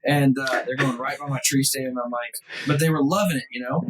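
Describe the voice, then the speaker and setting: A man in his thirties hosts a podcast with a slightly husky voice at a middle pitch. He talks in an animated, chatty way and calls his guest "dude" and "bro". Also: brisk, rough recording. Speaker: podcast host. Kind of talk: casual chat.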